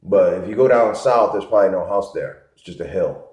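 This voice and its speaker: Deep-voiced man, rambling in an echoey room. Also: a little fast, a little mellow. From Connecticut, US. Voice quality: rambling, repetitive, low-key storytelling. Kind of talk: rambling monologue. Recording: echoey, muffled lo-fi room sound.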